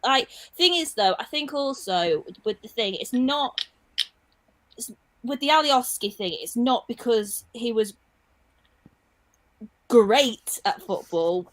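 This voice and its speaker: A woman's voice: a little high, lively intonation, takes it slowly, pauses often, no echo. A woman, a football fan, chatting casually with plenty of fillers and restarts. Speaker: Leeds fan guest. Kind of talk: casual chat.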